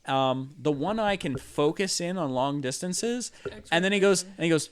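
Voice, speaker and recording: A man's voice: on the high side, expressive, moderate pace. A man narrating as game master of a tabletop game, rambling with lots of fillers.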